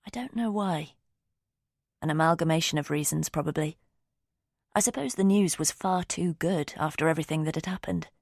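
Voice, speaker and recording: Low-pitched lady reading a novel, close and calm, dead dry sound. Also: moderate pace, gravelly, dry recording. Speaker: audiobook narrator. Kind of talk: first-person novel narration.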